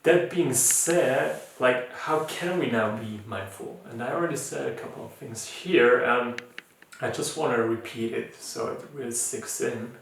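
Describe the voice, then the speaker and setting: Soft-spoken man, distant and echoey. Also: medium pitch, measured pace, creaky, a little hiss or hum. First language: not English. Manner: gentle, searching, with many fillers and restarts. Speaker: mindfulness teacher. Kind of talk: informal recorded talk. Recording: echoey room, voice from far off.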